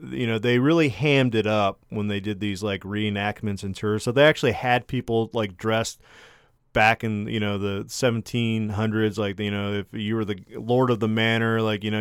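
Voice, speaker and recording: Smooth-voiced man swearing through a story. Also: fairly low pitch, no echo, studio quality. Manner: profanity-heavy, animated storyteller. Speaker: podcast co-host. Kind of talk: casual storytelling chat.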